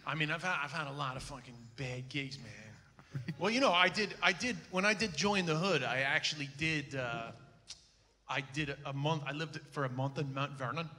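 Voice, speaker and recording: A man's voice: a little high, moderate pace. A man, a comedian, telling stories with lots of swearing at a live interview in front of an audience. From Ireland. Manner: swearing, storytelling, animated. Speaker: comedian guest. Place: large hall with live audience. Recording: echoey hall with audience.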